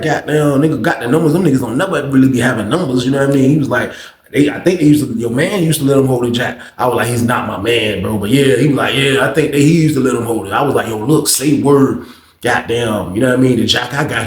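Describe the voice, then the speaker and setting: A man with a slightly high voice tells a long casual story full of slang and curses. He acts out the other people in it, leaping in pitch for their lines. The room adds a noticeable echo. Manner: animated, acts out voices with big pitch jumps, heavy slang and cursing. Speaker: storyteller host. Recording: roomy echo.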